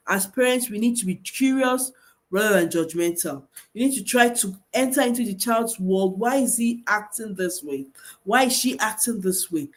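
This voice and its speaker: Earnest woman coaching parents. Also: mid-range voice. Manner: emphatic, repeats key points, asks rhetorical questions. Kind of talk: teaching talk on parenting.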